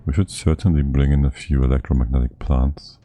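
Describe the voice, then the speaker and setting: Male streamer, very deep and dark, unhurried casual thinking-aloud gameplay chatter, a little winded. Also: fairly even intonation. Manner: muttering to himself, thinking aloud. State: slightly out of breath. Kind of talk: casual live-stream commentary while playing.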